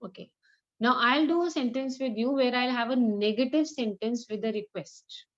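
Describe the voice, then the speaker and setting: Encouraging teacher, muffled. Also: female voice, on the high side. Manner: encouraging, repeats example sentences slowly. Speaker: English teacher. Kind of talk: online grammar class with students.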